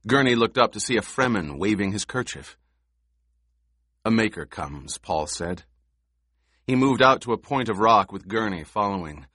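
Deep-voiced male audiobook narrator. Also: a bit bright, no room sound, studio quality. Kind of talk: scripted narration.

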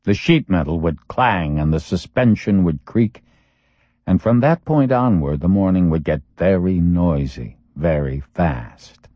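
Deep-voiced man narrating a thriller. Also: dry recording. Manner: steady, measured storytelling. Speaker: audiobook narrator. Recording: dull lo-fi dry recording.

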